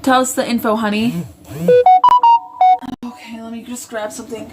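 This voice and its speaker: Over loud music, a woman talks fast in a somewhat high, flat voice. She's a livestream host at home, with her roommate in the next room, reading viewer comments aloud in a rambling, casual way and regularly breaking off mid-sentence to correct herself.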